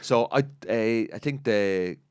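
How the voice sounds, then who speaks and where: A man's voice: lowish voice, slow, a little mellow, clear, resonant tone. An Irish man, a comedian and radio presenter, telling profane anecdotes in casual podcast chat, with many restarts.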